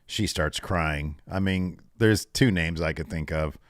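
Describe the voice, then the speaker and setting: A man's voice: a little slow, dry recording, clean studio sound. A man co-hosting a podcast, retelling a wrestling show in casual chat and acting out the lines he quotes. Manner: animated retelling, acts out quotes with raised pitch. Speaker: podcast co-host recapping wrestling.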